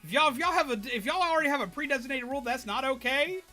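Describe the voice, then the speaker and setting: A man's voice: extremely high pitch, rapid-fire, pushed and bright, faint music behind. A man with a Southern US accent, a streamer, telling a story in a casual chat full of swearing and laughs. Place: home streaming setup.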